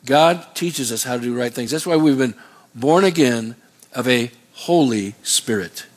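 A man's voice: medium pitch, a little slow. A middle-aged man preaching a sermon, emphatic and rhythmic, asking the congregation to finish his lines. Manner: emphatic preaching, call-and-response questions. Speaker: pastor.

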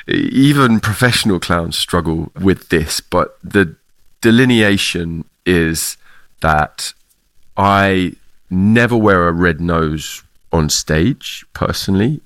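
A man's voice: low-pitched, slow, fairly bright tone, no room sound. A middle-aged man from the UK, a theater clown, answering interview questions reflectively and laughing often. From United Kingdom.

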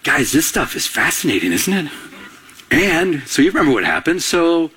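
A man, a pastor, preaching a sermon in a conversational, animated way that dramatizes scenes. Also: fairly high pitch, normal speed, husky.

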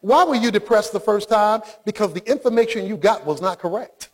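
A male preacher delivering an impassioned sermon that often rises to shouting. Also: sits high, a little fast.

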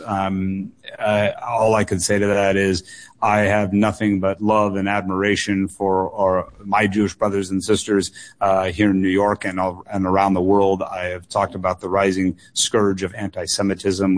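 A man in his thirties, a political candidate answering questions on a radio call-in show, earnest and repeating words for emphasis. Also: low voice. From United States.

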